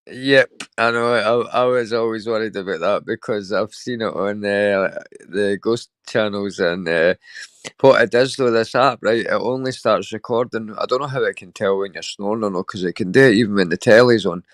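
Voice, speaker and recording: A Scottish man with a lowish voice rambles through a casual chat, laughing as he tells his stories. The sound is close and dry, with no room around it. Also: moderate pace, no echo. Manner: rambling storyteller, laughs often.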